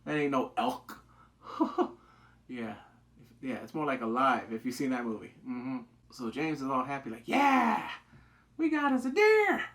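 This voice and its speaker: Reviewing a TV episode in a relaxed, excitable way, this man keeps a normal speed. His loose swearing and quote impressions full of wild pitch jumps mark him as a TV show reviewer.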